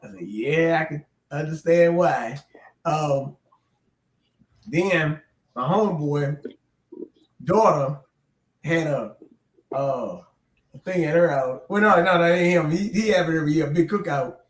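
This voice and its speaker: Middle-aged guy telling a story, cussing a lot, animated, kinda high voice, roomy echo. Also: unhurried, pauses often. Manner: animated, profane, laughs through his stories. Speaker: podcast co-host. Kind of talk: casual storytelling chat.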